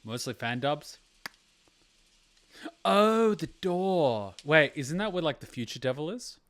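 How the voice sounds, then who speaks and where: A man hosting an anime reaction video, chatting casually, excitable, with loose rambling anecdotes and free swearing. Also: fairly high pitch, slow pace, slight background noise.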